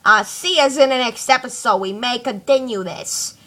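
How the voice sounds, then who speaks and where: A woman's voice: a little high, normal speed, bright, forceful tone. A woman vlogger giving a rambling, casual fan commentary full of fillers. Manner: rambling, chatty, many fillers.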